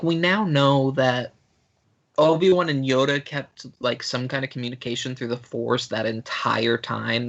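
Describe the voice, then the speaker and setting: A man co-hosting a podcast, making a deliberate argument in casual chat. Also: medium pitch, gravelly, a bit bright. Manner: slow, deliberate arguing. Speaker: podcast co-host. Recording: dull lo-fi podcast audio.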